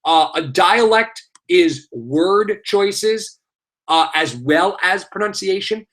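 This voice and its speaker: A man's voice: sits high, lively intonation, slow, fairly bright tone. A male teacher with a New York accent, running a live online exam review and explaining terms through rhetorical questions and many filler sounds.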